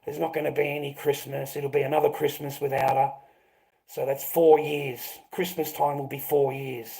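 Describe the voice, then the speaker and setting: A man's voice: mid-range voice, little pitch movement, moderate pace, creaky, dark tone, rough recording. A middle-aged man ranting on a casual livestream, swearing a lot, his voice climbing when he gets worked up. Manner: agitated, swearing, voice rising when upset.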